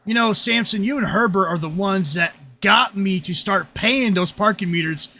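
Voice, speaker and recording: A man hosting a casual roleplay podcast chat, telling stories with animated energy and bursts of shouting. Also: high-pitched, moderate pace. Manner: animated storyteller, shouts when excited. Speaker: podcast host.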